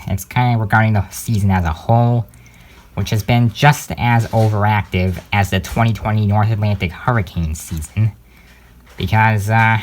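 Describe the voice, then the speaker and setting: A young man hosting a home-made channel news update, talking casually with many fillers and hesitant pauses. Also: lowish voice.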